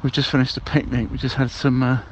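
A man's voice: mid-range voice, little pitch movement, fast talker, slight background noise, poor audio. A man leaving rambling, cheerful voicemails as a balloon ride passenger, with many hesitations. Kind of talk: comic voicemail monologue.

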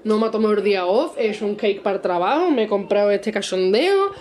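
A woman's voice: mid-range voice, lively intonation, racing, a little mellow. A woman in her forties with a Gibraltarian accent, co-hosting a casual chat, blunt and sarcastic, switching between English and Spanish mid-sentence. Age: 40s. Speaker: co-host.

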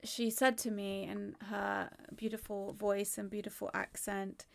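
Creaky-voiced woman in candid chat. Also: medium pitch, level tone, measured pace, few pauses. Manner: candid, rambling, swears freely. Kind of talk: casual conversation about grief.

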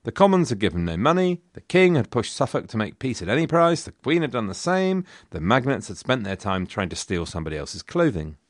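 A man's voice: mid-range voice, very animated, brisk, hardly any pauses, no room sound. A man hosting a history podcast, telling the story in a wry, conversational way with dry asides. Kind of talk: scripted history narration.

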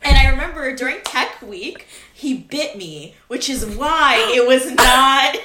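A woman guest on a podcast, telling stories in a casual, animated way with laughter. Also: high voice, unhurried, slight background noise. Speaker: guest author. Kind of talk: casual chat. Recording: roomy echo, faint music.

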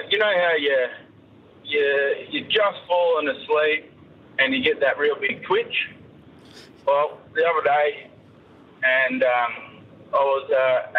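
A man leaving a rambling voice message for a podcast, with many ums. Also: mid-range voice. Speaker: caller. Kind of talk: phoned-in voice message. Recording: dull lo-fi phone message.

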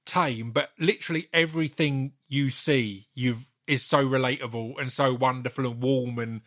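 A man hosting a casual chat, enthusiastic and quick to agree, asking questions and sharing his own favourites. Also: medium pitch, steady tone, fairly bright tone.

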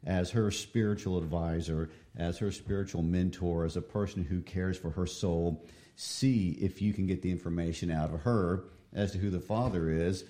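A man's voice: low voice, fairly even intonation, normal speed, mellow. A man in a casual book discussion, talking in a thoughtful, reflective way. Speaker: co-host discussing a novel.

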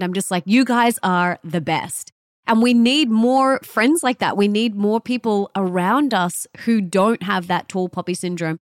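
An Australian woman hosts a podcast interview, speaking with enthusiastic, emphatic energy. Her voice is mid-range, and the recording is dry with clean studio sound.

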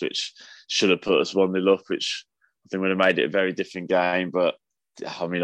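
A man co-hosting a football podcast, speaking in a hesitant, halting way. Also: low voice, no echo. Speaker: podcast co-host. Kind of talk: casual football podcast chat.

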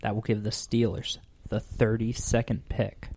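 A man hosting a casual podcast, telling stories in a quick, rambling, animated way. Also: fairly low pitch, no echo. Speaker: podcast host. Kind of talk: casual chat.

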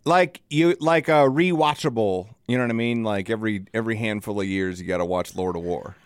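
A man's voice: lowish voice, fairly quick, clean tone, dry recording, clean studio sound. A middle-aged man from the American Midwest, co-hosting a podcast in a casual, profane, joking rant. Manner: profane, ranting, jokey. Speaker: podcast co-host. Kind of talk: casual chat.

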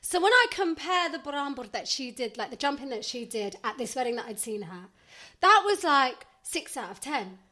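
A young woman with a high-pitched voice co-hosts a podcast at a moderate pace. She chats casually and tells stories in an animated way, giggling a lot.

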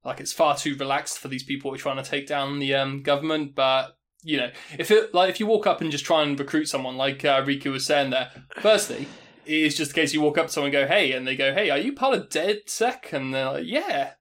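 Mid-pitched British male podcast co-host, chatty and good-humoured, laughs easily. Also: steady tone, quick pace, fairly bright tone. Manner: chatty, laughs between points. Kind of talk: casual gaming chat.

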